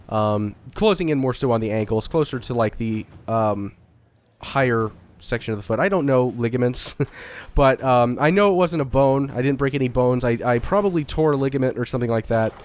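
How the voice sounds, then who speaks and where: Rambling young Texan man, swearing casually. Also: medium pitch. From Dallas–Fort Worth area, Texas. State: getting over a cold. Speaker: let's-play gamer. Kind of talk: casual gameplay commentary.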